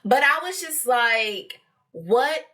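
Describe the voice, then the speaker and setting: A woman's voice: sits high, sing-song, slow pace, bright, forceful tone. A woman co-hosting a podcast, recapping a reality show in casual chat, blunt and profane, laughing often. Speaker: podcast co-host.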